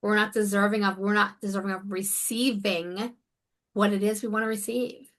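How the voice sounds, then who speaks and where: A woman's voice: mid-range voice, fairly even intonation, moderate pace. A woman life coach speaking as a guest in a conversational interview, earnest and emphatic. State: near tears.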